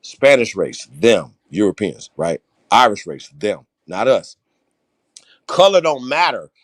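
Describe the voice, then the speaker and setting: A man's voice: fairly low pitch, big pitch swings, slow pace. A man hosting a livestream, talking bluntly and emphatically, with a lot of swearing. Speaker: host. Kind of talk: livestream political talk.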